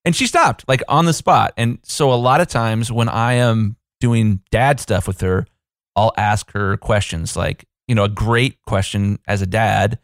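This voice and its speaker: A man in his thirties with a lowish voice talks through a casual podcast episode as a business coach. He is chatty and self-deprecating, and he tosses in quick asides. The recording is dry and close, with no room sound. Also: no room sound.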